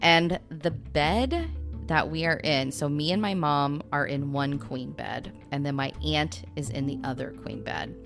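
Brief: low-pitched woman podcast host, chatty storyteller who keeps looping in asides; faint music underneath. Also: a little slow, gravelly. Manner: rambling, full of "you know" and "like" asides. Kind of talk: casual storytelling chat.

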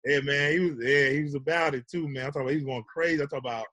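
A man's voice: on the high side, fairly even intonation, very fast, a bit bright, dry recording. A man telling stories about fatherhood in laid-back, slangy casual chat, often tagging on "you know what I'm saying.". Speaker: guest.

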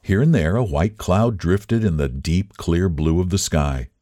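A man who hosts a podcast, reading a literary story aloud in an expressive, measured storytelling manner. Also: low voice, no echo, studio quality. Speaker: podcast host and story reader.

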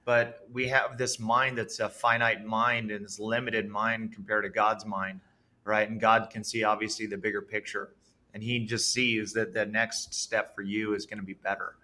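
A man's voice: fairly low pitch, level tone, moderate pace, pushed and bright. A man, a business founder, being interviewed on a podcast, talking earnestly and enthusiastically. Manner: earnest, enthusiastic, speaks with conviction. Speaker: entrepreneur guest. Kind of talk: conversational interview.

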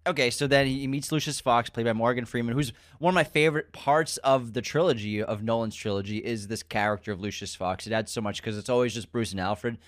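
A man co-hosting a casual podcast, recapping a movie scene by scene, joking and swearing in relaxed bro talk. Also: medium pitch, quick pace, hardly any pauses. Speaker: podcast co-host.

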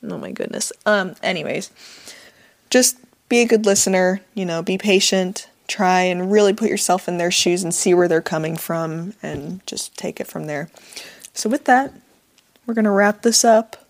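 A woman's voice: fairly low pitch, moderate pace, no echo. A young woman co-hosting a casual couple's podcast, upbeat and talkative. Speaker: podcast co-host.

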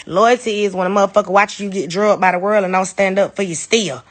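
A woman's voice: medium pitch, brisk. A woman, a hairstylist, venting bluntly to camera, swearing freely and hammering the same points again and again. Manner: blunt, profane, repeats her points.

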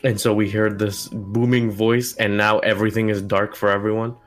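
A man playing a tabletop game, talking in a halting way and asking questions. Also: lowish voice, flat delivery, soft background music. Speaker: player.

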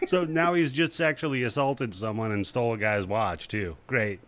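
A man's voice: mid-range voice, moderate pace, background noise. A man in casual movie chat, commenting on the plot with dry, sardonic remarks.

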